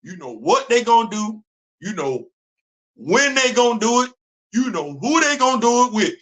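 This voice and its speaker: Animated high-voiced man ranting. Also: moderate pace. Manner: animated, repetitive, laughing often, heavy slang. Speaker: host. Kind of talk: casual livestream commentary.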